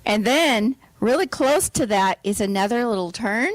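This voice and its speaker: A woman pastor telling a story in a sermon, animated and acting out her own lines. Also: mid-range voice, normal speed, dry recording, poor audio.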